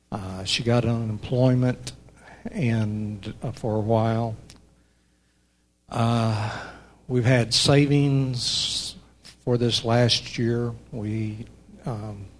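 Older man giving an earnest testimony. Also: fairly low pitch. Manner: earnest, pauses often with fillers. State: emotional, voice breaking. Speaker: church member giving a testimony. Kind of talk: personal testimony.

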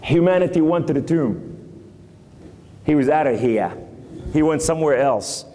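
Emphatic male preacher, New York accent, fairly high and very animated voice. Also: normal speed, in a large hall, slight background noise. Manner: emphatic, preaching with scripture quotes. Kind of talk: sermon.

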